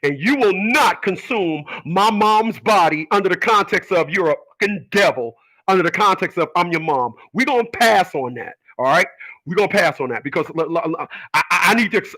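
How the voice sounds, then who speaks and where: A man's voice: high-pitched, lively intonation, fast talker, sharp tone, poor audio. A man hosting his own show, talking in an emphatic, rambling monologue full of repetitions and stammered restarts. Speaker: radio show host. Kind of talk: casual monologue.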